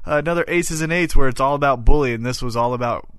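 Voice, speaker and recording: Bright-voiced man sharing opinions. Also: medium pitch, quick pace, clean tone, dry recording, studio quality. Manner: chatty opinions with fillers and trailing asides. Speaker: podcast co-host. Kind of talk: casual wrestling talk.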